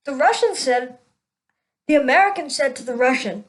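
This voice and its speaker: A woman's voice: high voice, lively intonation, moderate pace, poor audio. A woman hosting her own show, telling a string of jokes and laughing at her own punchlines. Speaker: show host.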